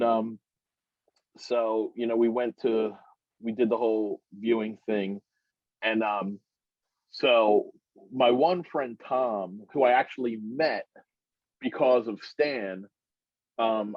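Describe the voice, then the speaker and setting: A man's voice: slow, no room sound. Middle-aged man telling a rambling story. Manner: rambling, animated storyteller who climbs high when excited. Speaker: podcast guest. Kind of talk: casual storytelling. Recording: muffled, dry recording.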